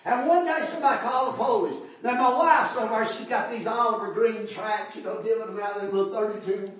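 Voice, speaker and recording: An older man, preaching a folksy testimony sermon in a church, storytelling that rises to shouts. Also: high-pitched, fast. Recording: echoey hall, far from mic.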